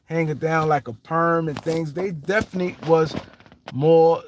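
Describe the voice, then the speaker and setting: A man's voice: fairly high pitch, fairly even intonation, moderate pace, a little hiss or hum. A man from Harlem with a New York accent, hosting his show in casual, rambling commentary full of slang and repetition. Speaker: show host.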